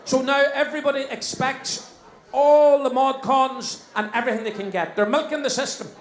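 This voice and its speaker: A man's voice: very high-pitched, normal speed. A middle-aged man with a Northern Irish accent compering a live show, cracking cheeky jokes and bantering with the audience. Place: stage in a hall before a live audience. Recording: echoey hall, faint crowd and noise.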